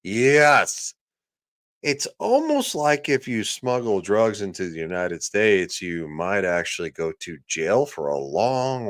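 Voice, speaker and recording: A man's voice: on the low side, very animated, takes it slowly, dry recording, studio quality. A man hosting a livestream, ranting sarcastically and crudely, often reading out viewers' chat comments. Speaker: livestream host.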